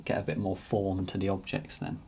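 A man narrating a painting demonstration as he works, relaxed and thinking aloud. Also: deep voice, a little fast, creaky, a little hiss or hum. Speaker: painting teacher.

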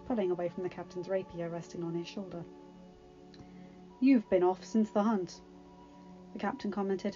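A woman reading fanfiction aloud in a steady, gentle storytelling voice. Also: medium pitch. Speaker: fanfiction reader. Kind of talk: storybook narration. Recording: dull lo-fi recording, faint music.

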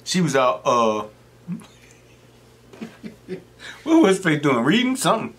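A man's voice: medium pitch, a bit bright. Rambling middle-aged man eating on camera. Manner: rambling, joking storyteller. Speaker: mukbang host. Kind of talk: casual chat while eating.

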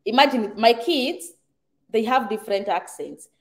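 A woman's voice: a little high, animated, unhurried. A middle-aged woman from Kenya with a Kenyan accent, hosting a casual live stream and reading out viewer comments, chatty, laughing often and slipping into Swahili phrases.

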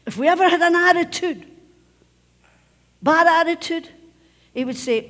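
A woman's voice: high-pitched, lively intonation, moderate pace, pauses often, a bit bright. A Scottish woman pastor preaching a sermon, emphatic, repeating key phrases and sometimes dropping to a near whisper. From Scotland. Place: church sanctuary. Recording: long church reverb.

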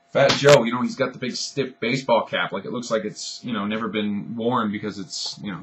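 Young man, rambling sarcastic video rant, bright and husky, swears freely. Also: mid-range voice. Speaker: video blogger. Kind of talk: ranting monologue to camera.

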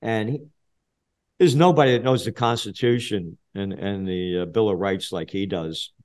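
A man in his seventies from the Bronx with a New York accent, a guest in a podcast interview, talking bluntly and profanely, dropping low then getting loud. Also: moderate pace. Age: 70s. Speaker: guest, trend forecaster.

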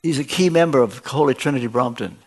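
Speaking quickly in a husky voice, an older man guest-preaches in a church. He tells stories during the sermon and performs the dialogue with pitch shifts.

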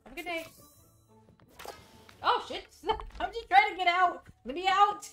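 Giggly, excitable young woman streamer. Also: extremely high pitch, measured pace, pauses often, faint music behind. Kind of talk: casual game streaming commentary.

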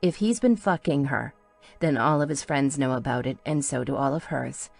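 A woman's voice: rumbling low, moderate pace, vocal fry, darkish tone, faint music behind, full character voice. A woman voicing a brash, foul-mouthed young woman from a trailer park, blunt and bossy. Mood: fierce.

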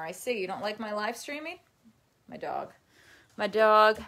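A woman's voice: mid-range voice, expressive, normal speed, long pauses, fairly bright tone. A chatty woman live streaming from her home as she folds laundry. She rambles loosely from one thought to the next and laughs often. Now and then she breaks off to talk to her dog. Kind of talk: casual live-stream chat. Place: at home while folding laundry.

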